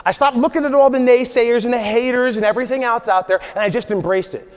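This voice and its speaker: A man's voice: extremely high pitch, quick pace, clean tone. A man in his forties giving an emphatic motivational keynote at a conference, often checking in with the audience with "right?". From USA. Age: 40s. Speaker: conference speaker. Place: large conference hall. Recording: long hall reverb.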